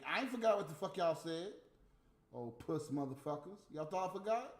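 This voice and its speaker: In a casual ranting monologue, a man heatedly and profanely mocks absent people while he smokes a cigarette. His voice sits high, animated and fairly quick, recorded in an echoey room with faint music playing.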